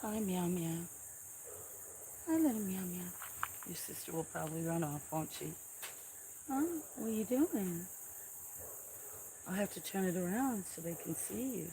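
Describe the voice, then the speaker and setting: A woman with a low-pitched voice talks slowly and softly on a casual livestream from a farm at night. She coos baby talk to cats and sometimes slips into a whisper. Faint crickets chirp behind her. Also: background noise. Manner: soft-spoken, drifts into whispers. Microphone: camera mic.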